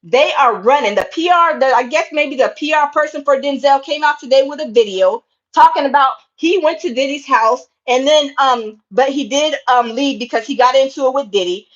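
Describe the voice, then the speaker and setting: High-voiced impassioned woman commentator. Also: moderate pace, hardly any pauses, highs cut off. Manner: impassioned, repetitive, keeps addressing viewers as y'all. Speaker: online commentator. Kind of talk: casual livestream commentary.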